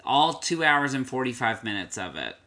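A young adult man co-hosting a casual movie chat, animated and acting out his own reactions. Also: mid-range voice, normal speed. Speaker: podcast co-host.

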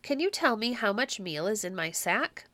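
A woman's voice: mid-range voice, sing-song, normal speed, sharp tone, dry recording. Woman playing a self-satisfied village man, scolding, lecturing, foolish, dry close sound. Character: smug foolish male villager who lectures his neighbors.

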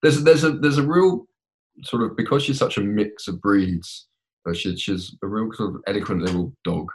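A man's voice: lowish voice, moderate pace, a little hiss or hum. A man from England, a podcast guest, chatting casually and hesitantly with many repeated words. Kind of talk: casual chat.

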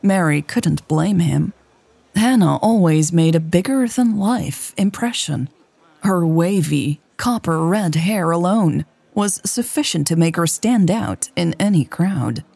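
Slow, soft-spoken woman narrating a story. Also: lowish voice, gravelly, breathy edge, no room sound. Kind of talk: audiobook-style story narration.

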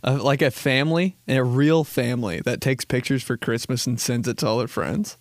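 A man's voice: mid-range voice, normal speed, hardly any pauses, dry recording, clean studio sound. A young man hosting a podcast, rambling in a casual, profane, joking way, often laughing and acting out quotes. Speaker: podcast host. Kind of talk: casual comedic podcast chat.

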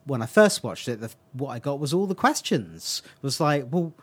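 A man's voice: mid-range voice, big pitch swings, normal speed, breathy edge. A man co-hosting a podcast, talking enthusiastically in casual chat. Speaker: podcast co-host.

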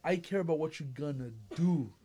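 A man in casual faith talk, animated and acting out quotes in lively voices as a co-host. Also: on the high side, fairly quick. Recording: faint music behind.

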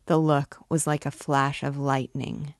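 A woman reading a classic novel aloud as a book guide, in a measured, deliberate way. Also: sits low, flat delivery, no echo, clean studio sound.

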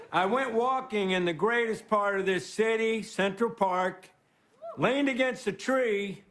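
A man giving a rambling, self-deprecating stand-up monologue as guest host on a live TV studio stage. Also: high-pitched. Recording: live studio audience with crowd noise. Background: laughing studio audience.

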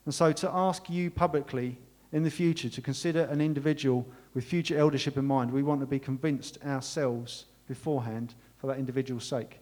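A man's voice: mid-range voice, fairly even intonation, a little fast, hardly any pauses. A man preaching a sermon as pastor, earnestly thanking his congregation and leading a closing prayer. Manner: earnest, warm, emotional thanks.

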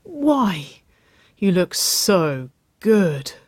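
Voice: medium pitch, moderate pace, a little mellow, no echo, natural voice. Reader doing a lovestruck pouty young woman, groans and pleads, story voice, dry sound.

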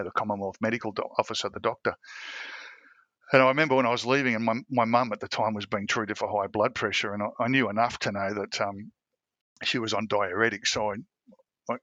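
A middle-aged Australian man tells a long story in a podcast interview. His voice sits a little low but sounds bright and forward, and he slips into the voices of the people he describes. The sound is dry and close, with no room around it. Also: no room sound, highs cut off. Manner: animated anecdotes, acts out voices of others, frequent restarts. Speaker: podcast guest, former police commander.

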